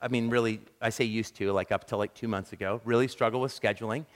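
A man preaching a sermon, telling animated, self-deprecating stories and acting out quick quotes. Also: on the low side. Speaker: pastor. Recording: long reverb of a large hall.

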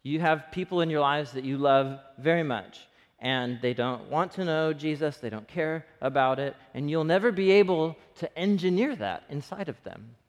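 Texan pastor, slightly high voice, chatty sermon, lots of hall reverb. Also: male voice, moderate pace, few pauses. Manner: conversational, earnest, laughs often.

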